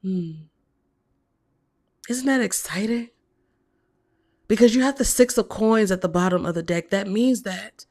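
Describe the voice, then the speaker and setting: A woman giving a tarot reading, talking slowly and softly with hums and whispered asides. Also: mid-range voice, gravelly. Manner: slow, soft, encouraging, with hums and whispered asides. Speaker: tarot reader.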